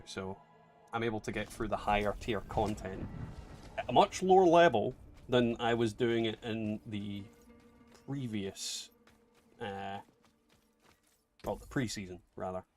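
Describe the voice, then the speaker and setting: A man's voice: fairly low pitch, expressive, moderate pace, pauses often. Sweary Scottish man streaming a game. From Scotland. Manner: profane, chatty, answering viewer chat. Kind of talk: casual live-stream chat while gaming. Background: game music.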